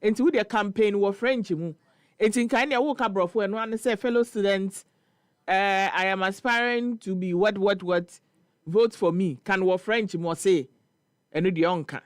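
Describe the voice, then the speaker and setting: A Ghanaian man hosting a morning radio show, telling a story and reading listener comments in an animated, laughing way. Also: high-pitched, moderate pace, smooth, dry recording, studio quality. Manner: animated, laughing storyteller mixing Twi and English. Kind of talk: casual chat reading social media comments. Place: radio studio.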